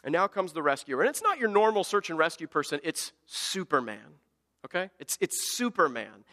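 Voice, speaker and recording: A male pastor delivers a sermon with a high, bright, forceful voice that carries. He swings between loud emphatic bursts and quiet, almost muttered asides. The sound rings with the long reverb of a large hall. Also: big pitch swings, normal speed.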